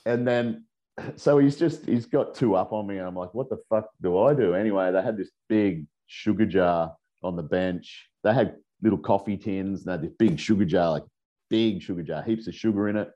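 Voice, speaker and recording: A deep, low-voiced Australian man spins rambling, profanity-laced anecdotes as a podcast guest. His tone is dark and mellow, and his delivery is loose and animated. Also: moderate pace, dull audio. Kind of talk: casual storytelling.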